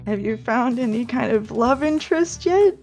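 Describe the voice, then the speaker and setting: A woman's voice: fairly high pitch, animated, normal speed, darkish tone, faint music behind. A woman voicing a meek, awkward young male adventurer who talks politely in a tabletop game.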